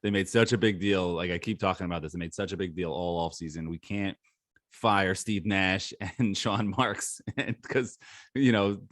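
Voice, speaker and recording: A man's voice: sits low, normal speed, fairly bright tone, dry recording, studio quality. Sarcastic, laughing man on a sports podcast. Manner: joking, sarcastic, laughs often. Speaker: podcast co-host. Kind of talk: casual sports chat.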